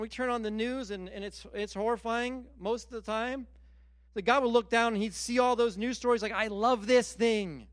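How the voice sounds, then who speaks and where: High-voiced man preaching a sermon. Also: no room sound, studio quality. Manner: animated, repetitive emphasis with stammered restarts. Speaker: pastor.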